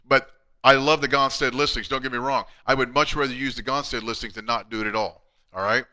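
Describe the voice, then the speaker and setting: A man's voice: medium pitch, steady tone, brisk, sharp tone. A middle-aged man, a chiropractor hosting a casual live Q&A, talking bluntly and chattily. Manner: blunt, chatty, reads out viewer questions.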